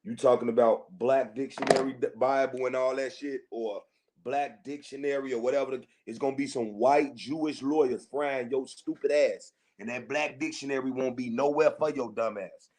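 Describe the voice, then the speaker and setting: Speaking at a moderate pace in a steady, mid-range, darkish voice, a man delivers a heated podcast monologue directly to his listeners. It's profane and confrontational, with plenty of repetition.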